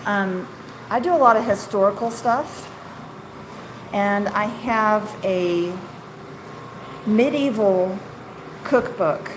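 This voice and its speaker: Casting note: self-deprecating candy-maker woman with a rambling, conversational delivery, mid-pitched voice, recorded over a steady hum of background noise. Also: slow pace, pauses often. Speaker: small-batch marshmallow maker and shop owner. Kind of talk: casual chatty storytelling while working. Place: candy kitchen while cutting marshmallows.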